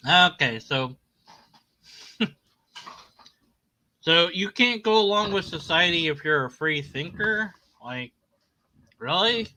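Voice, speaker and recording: Man, slightly higher voice, very bright tone, sarcastic and rambling rebuttal. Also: lively intonation, slow pace, pauses often, poor audio. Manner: sarcastic, rambling, trails off with shrugs. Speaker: video creator responding to a critic. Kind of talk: casual spoken rebuttal commentary.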